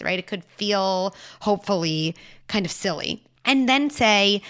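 Bright-voiced woman giving parenting advice. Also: lowish voice, a little slow. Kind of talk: advice talk answering a caller.

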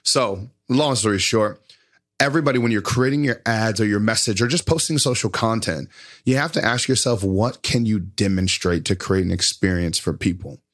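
A man talking casually about advertising as a guest, in a loose, animated and profane storytelling manner. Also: fairly low pitch, normal speed. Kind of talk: casual explanatory talk.

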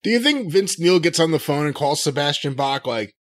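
A man with a high, lively voice reads out quotes and listener questions as a podcast co-host. He jokes easily and his pitch swings widely as he talks. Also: a little fast. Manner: animated, jokey, laughs easily.

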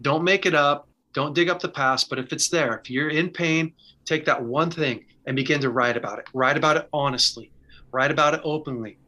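A man's voice: on the high side, fairly quick, bright, forceful tone. A man teaching in a casual, conversational way and sharing his own story, earnest and candid, with short bursts and restarts. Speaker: faith speaker sharing advice.

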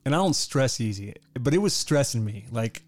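A man with an everyday mid-pitched voice reacts to a movie in casual conversation. He often breaks off and restarts while looking for the right word, then carries on at an easy pace. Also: lively intonation. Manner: halting, restarts and searches for words. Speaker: podcast co-host. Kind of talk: casual film discussion.

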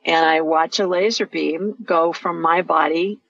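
A woman with a lowish voice hosts a live call-in radio show and talks callers through each step in a calm, soothing way. The sound is dry and a little dull. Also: measured pace, vocal fry, dry recording. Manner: soothing, explains steps as she goes. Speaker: radio show host and energy healer.

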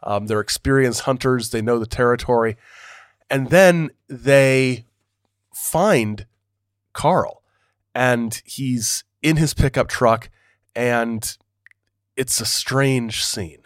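A man's voice: medium pitch, slow pace, long pauses, clear, resonant tone, no room sound, studio quality. A male podcast host reading book excerpts aloud, stopping to comment with hesitant, repeated words.

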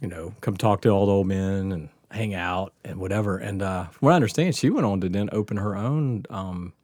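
A man's voice: sits low, fairly quick, darkish tone, dry recording, clean studio sound. A man telling a profane, laughing story in casual chat. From Southern United States.

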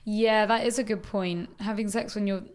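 A woman's voice: mid-range voice, fairly even intonation, normal speed. A young woman, co-hosting a podcast, frank and teasing, swearing casually. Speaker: podcast co-host. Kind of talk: casual chat.

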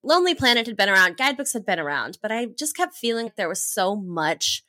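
A woman's voice: medium pitch, big pitch swings, a little fast, bright, forceful tone, no room sound. A woman in her thirties from Hawaii, a guest telling travel stories with enthusiasm, laughing often and acting out her own past thoughts. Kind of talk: animated storytelling in an interview.

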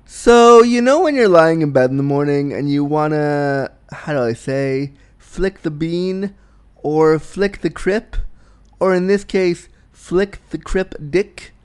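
A man's voice: a little high, slow, darkish tone, smooth. Bawdy, rambling man hosting a podcast. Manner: candid, bawdy, rambling with restarts and giggles. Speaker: podcast host. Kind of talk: casual solo podcast monologue.

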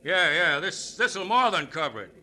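An actor playing a slick, crooked carnival shell-game barker with smooth patter in an old radio drama. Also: male voice, fairly high pitch, big pitch swings, moderate pace, bright, forceful tone, full character voice. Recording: old radio recording with music.

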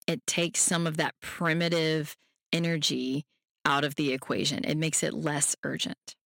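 Gentle, reassuring podcast host, dry close sound. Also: mid-range voice, level tone, a little slow, vocal fry, no echo. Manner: gentle, reassuring, addresses the listener directly. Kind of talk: self-help podcast talk.

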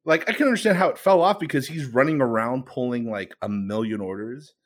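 A man co-hosting a podcast, telling a story in a casual, rambling way with many restarts. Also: mid-range voice. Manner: rambling, halting, lots of fillers and restarts. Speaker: podcast co-host.

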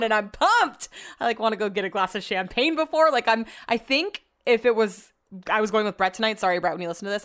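Woman podcast host, smooth clear voice, casual and profane storyteller. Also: mid-range voice. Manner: chatty, profane, animated retelling.

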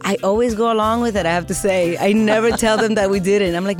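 A woman being interviewed as a guest actress, chatting in an amused way with quick asides. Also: mid-range voice, steady tone, faint music behind. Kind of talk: casual interview chat.

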